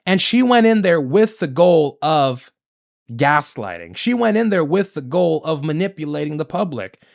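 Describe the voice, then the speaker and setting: Male commentator, outraged, emphatic, slightly high voice with big swings in pitch. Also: big pitch swings, normal speed, gravelly. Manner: indignant, emphatic, repetitive rhetorical questions. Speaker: political commentary host. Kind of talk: solo political commentary.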